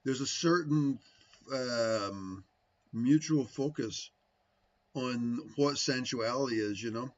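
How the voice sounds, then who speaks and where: A man's voice: medium pitch, slow pace. Rambling man with muffled lo-fi sound. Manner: rambling, frequent "right?" tags, musing. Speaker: spiritual teacher answering viewers. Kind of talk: casual livestream talk.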